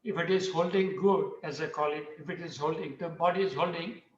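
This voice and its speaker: On a discussion panel, a man with a slightly high, steady voice tells a story earnestly at a fairly quick clip, often repeating phrases. The video-call audio sounds roomy, distant, and dull.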